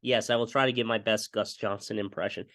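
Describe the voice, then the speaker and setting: A young man giving a casual play-by-play breakdown of a football game. He gets excited and copies broadcast calls, and he keeps repeating stock phrases. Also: on the low side, a little fast, no echo. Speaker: fan video commentator.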